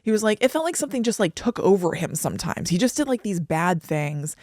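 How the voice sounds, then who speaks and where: A woman co-hosting a podcast retells a TV episode in casual, chatty fashion, laughing and acting out quoted voices. She has a low, darkish, sing-song voice and talks fast; the studio-quality sound has no room sound.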